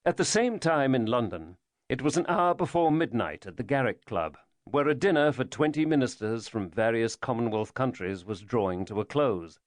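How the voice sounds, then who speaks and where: A man narrating a thriller audiobook in a measured storytelling manner. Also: mid-range voice, animated, dry recording. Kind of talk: scripted narration.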